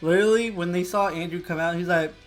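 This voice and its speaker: A man's voice: high-pitched, quick pace, faint music behind. A young man in casual chat who laughs often and swears casually.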